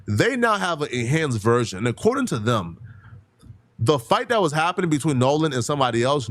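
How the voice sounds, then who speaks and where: A man's voice: on the high side, no echo. A man hosting an online commentary show, talking animatedly and firing off rhetorical questions.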